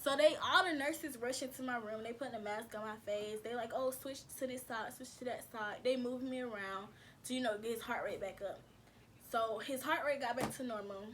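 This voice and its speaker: A woman's voice: a little high, brisk, fairly bright tone, a little hiss or hum. Chatty woman vlogger telling a story. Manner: chatty, addresses viewers as y'all, slangy and laughing. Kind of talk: casual storytelling to viewers.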